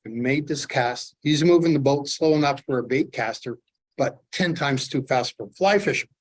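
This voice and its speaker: Middle-aged man, from Canada, animated storyteller, fly-tying demo, mid-pitched voice. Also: moderate pace. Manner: animated storyteller, acts out his own excitement. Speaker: fly tier, presenter.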